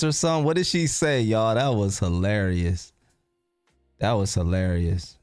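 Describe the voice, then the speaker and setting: A man hosting a live stream in a relaxed, rambling way, talking straight to his viewers. His pitch sits in the middle range. The sound is close and dry, with faint music in the background. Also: normal speed, no echo. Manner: laid-back, rambling, talks to viewers. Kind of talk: casual live stream chat.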